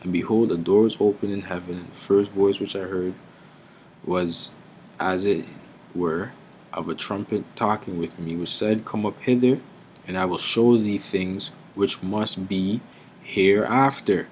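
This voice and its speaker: A man giving an informal Bible teaching, mixing street slang and swearing with slow, deliberate scripture reading. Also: sits low, fairly even intonation, darkish tone, slight background noise, low-quality recording.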